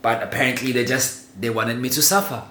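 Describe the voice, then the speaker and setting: A man telling a childhood story in a casual, animated way, laughing often and swearing freely. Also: mid-range voice, fairly quick. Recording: roomy echo with faint ambient noise.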